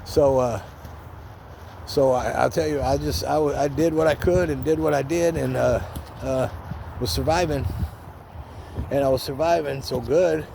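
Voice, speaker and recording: A man's voice: medium pitch, steady tone, normal speed, creaky. An older man casually telling a story from his own life, rambling and candid, swearing and acting out what people said, recorded on a phone outdoors by a street. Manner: rambling, candid, restarts often, swears, acts out quotes. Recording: faint street noise outdoors.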